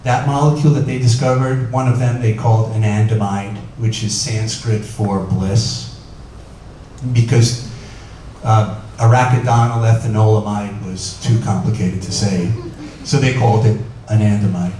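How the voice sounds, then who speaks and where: A man's voice: fairly low pitch, fairly even intonation, moderate pace, dark tone, a little hiss or hum. A man giving an informal lecture as a doctor, talking conversationally with many fillers and putting questions to his audience. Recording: echoey room picked up from a distance.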